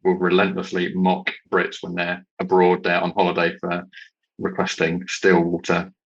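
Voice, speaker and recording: A man from Britain, a podcast guest, talking in a hesitant casual way with many pauses and restarts. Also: low voice, completely flat delivery, husky, highs cut off. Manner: hesitant, lots of ums and restarts. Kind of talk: casual chat.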